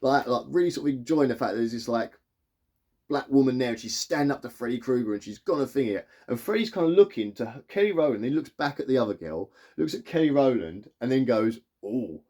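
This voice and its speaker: A man talks to camera as a vlogger, spinning loose, animated anecdotes. His voice is warm and mellow, sitting at an ordinary middle pitch. He rambles a little and keeps breaking into chuckles. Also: fairly quick. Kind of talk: casual storytelling to camera.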